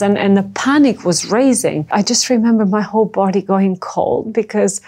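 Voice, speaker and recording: A middle-aged woman from the former Yugoslavia, recounting her past in a halting, emotional personal testimony. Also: medium pitch, vocal fry, darkish tone. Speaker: interview guest.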